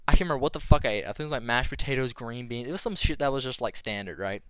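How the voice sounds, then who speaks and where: A man's voice: medium pitch, fast talker, few pauses, smooth, no echo. A young man vlogging, casually telling a rambling story with lots of swearing and a laid-back delivery.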